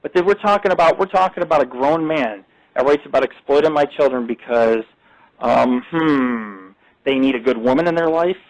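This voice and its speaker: A man's voice: mid-range voice, normal speed, poor audio. A middle-aged man hosting a live internet radio talk show, ranting and boasting in crude, profane language.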